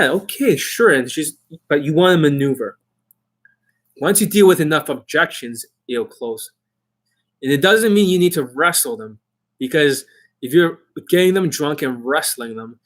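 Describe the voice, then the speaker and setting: A man's voice: mid-range voice, fairly bright tone. A man speaking as a dating coach in a blunt, emphatic lecturing monologue. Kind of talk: instructional monologue.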